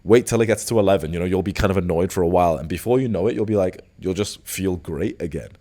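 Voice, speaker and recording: A man's voice: low-pitched, quick pace, dark tone. A young man giving a blunt, profane motivational monologue as a self-improvement coach, peppering his talk with "like" and rhetorical questions. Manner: blunt, profane, filler-heavy with frequent "like".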